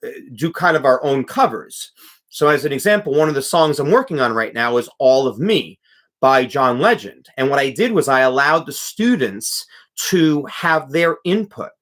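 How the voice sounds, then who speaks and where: A man's voice: medium pitch, fairly bright tone. A young man, a music teacher, hosting a live stream, reading chat comments aloud and talking casually with many restarts and fillers.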